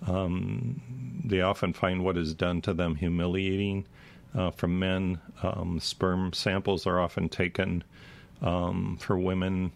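A man hosting a show, talking casually in a rambling, halting way with many fillers, his voice dry and failing. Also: deep voice, flat delivery, creaky. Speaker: show host. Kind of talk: casual talk on alien abduction accounts.

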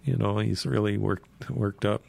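A man with a gravelly voice casually retelling a Bible story, rambling and chuckling as he goes. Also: on the low side, fairly even intonation, unhurried, a little mellow.

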